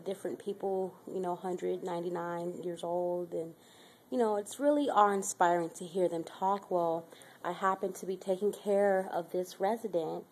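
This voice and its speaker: A young woman in her twenties talks straight to the camera, telling a personal story in a loose, rambling way with plenty of fillers. Her voice is husky and mellow, and she grows more earnest as she speaks. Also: lowish voice. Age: 20s. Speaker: caregiver. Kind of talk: personal faith vlog testimony.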